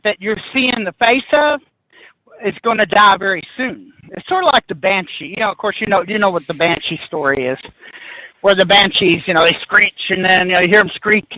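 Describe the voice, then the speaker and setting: Man, fifties, podcast guest, animated storytelling, tumbling restarts, dry close sound. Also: sits high, dry recording, rough recording. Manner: excitable, restarts sentences, laughs mid-story. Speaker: guest paranormal investigator.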